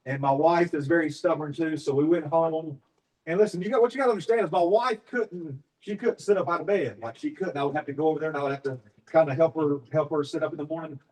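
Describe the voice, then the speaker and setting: A man from Alabama shares his personal testimony with a live crowd. His voice is on the high side for a man and sounds set back from the microphone. He talks in halting bursts, full of ums and uhs. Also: darkish tone, far from the mic, poor audio. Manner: halting, filler-heavy storytelling. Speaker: business partner sharing his story.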